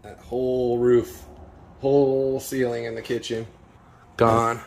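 A man films a demolition job casually, walking through the gutted rooms of a house and joking along the way, as in a relaxed vlog walkthrough. His mid-range voice is slow, creaky, and flat, yet he laughs a lot and often exclaims loudly. The audio has the echo of an empty room with faint ambience.

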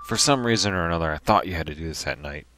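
Low-voiced man giving chatty game commentary. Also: racing, music in the background. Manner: chatty, with sudden excited yelps. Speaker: host.

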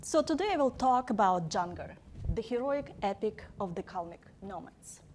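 A woman giving an academic lecture, speaking deliberately and emphatically, often posing rhetorical questions. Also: medium pitch, lively intonation, a little mellow, a little hiss or hum.

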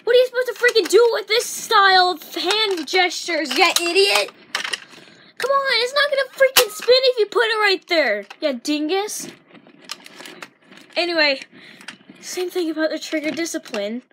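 A woman's voice: very high voice, animated, normal speed, background noise. A woman vlogger ranting to camera in a frustrated, insulting way and swearing mildly. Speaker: gaming vlogger. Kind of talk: angry rant to camera.

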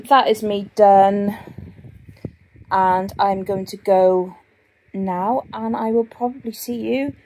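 A woman's voice: medium pitch, darkish tone. A woman vlogging about crochet in a casual, rambling way, often talking sing-song to her dogs. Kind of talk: casual chat to camera.

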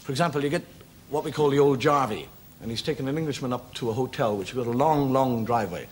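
A middle-aged Irish man doing stand-up, telling jokes in a wry storytelling manner and slipping into quick character voices. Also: medium pitch, slight background noise. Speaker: comedian.

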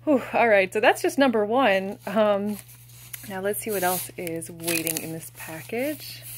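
Young woman, casual unboxing vlog, gushing, breathy, soft-spoken. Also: mid-range voice, a little slow, a little hiss or hum. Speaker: plush collector unboxing toys.

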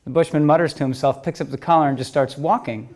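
A middle-aged man telling a story at a talk, lively, moving between loud and soft passages. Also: fairly high pitch, fast talker. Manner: lively storyteller, swings loud and soft, acts out quoted voices. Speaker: speaker telling stories at a talk.

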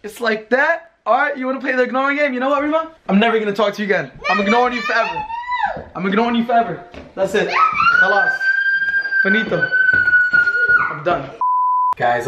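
A man's voice: high voice, quick pace, few pauses, heavy background noise. A young man in his twenties, playfully teasing kids while filming a casual prank vlog. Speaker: vlogger.

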